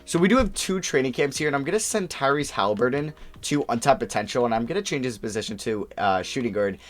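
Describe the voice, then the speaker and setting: A young man giving casual, chatty commentary over a basketball video game, thinking aloud and reacting quickly as he plays. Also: medium pitch. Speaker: gaming YouTuber.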